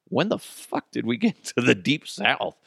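A man hosting a podcast, telling customer service stories in a casual, animated way, swearing and laughing as he goes. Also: mid-range voice, a little slow, creaky, husky, no room sound, studio quality. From Colorado, United States. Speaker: podcast host. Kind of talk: casual storytelling.

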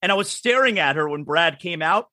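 Lively high-voiced radio host. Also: male voice, fairly quick, no room sound, clean studio sound. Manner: animated storytelling, acts out quotes. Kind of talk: casual talk show banter.

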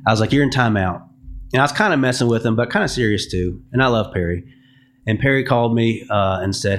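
A man with a lowish voice tells candid stories in a podcast interview, slipping into the voices of the people he quotes. He talks as a music publisher. A faint hum of ambience sits behind him. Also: fairly quick. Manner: candid storytelling, acts out quoted dialogue.

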